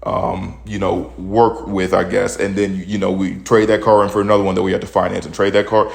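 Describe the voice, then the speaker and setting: A man's voice: low-pitched, level tone, brisk, vocal fry. A young man hosting his own opinion podcast, ranting bluntly and profanely about the news, a little out of breath. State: slightly out of breath. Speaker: podcast host. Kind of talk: casual opinion commentary.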